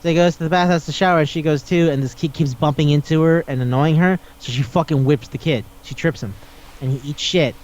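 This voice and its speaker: A man's voice: fairly high pitch, quick pace, darkish tone, muffled recording. A man hosting a casual podcast chat, rambling and swearing as he retells scenes and acts out the dialogue. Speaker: podcast host.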